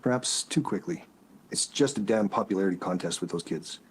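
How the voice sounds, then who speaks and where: A man's voice: on the low side, animated, a little fast, slight background noise. A man voicing a stern older male school superintendent in a parody video, with a stiff, scolding delivery. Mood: sour. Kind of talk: parody voice acting.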